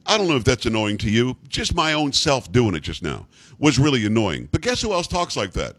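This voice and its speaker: A male radio host at a middle pitch who jokes and needles his guest. His delivery swings widely in pitch, rising high when he plays outraged. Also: fairly quick, no room sound. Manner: teasing, animated, mock-indignant. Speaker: radio talk show host. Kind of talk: talk radio banter.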